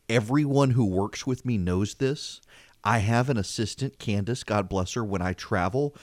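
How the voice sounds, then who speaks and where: Middle-aged male talk host, casual storytelling, animated and self-deprecating, dead-dry studio sound. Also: mid-range voice, no room sound. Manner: animated, self-mocking, voice rising when exasperated.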